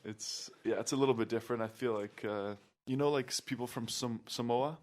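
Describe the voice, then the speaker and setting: A man's voice: mid-range voice, brisk. A young man chatting casually as a podcast guest, loose and hesitant, with many fillers and restarts. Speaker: guest, pro volleyball player.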